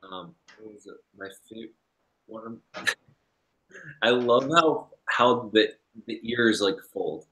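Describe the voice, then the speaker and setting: Guy hosting a live stream, ums a lot, lowish sharp bright voice, roomy echo. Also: slow. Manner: hesitant, lots of ums, often trailing off quietly. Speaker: livestream host. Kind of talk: live-streamed interview, reading the chat. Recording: echoey room.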